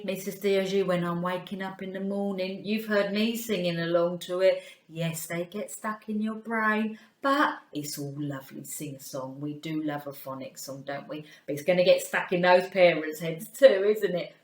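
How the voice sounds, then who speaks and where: A woman's voice: on the low side, echoey room. A woman teacher leading a children's phonics lesson, playful and coaxing, chatting to a puppet and often dropping to a whisper.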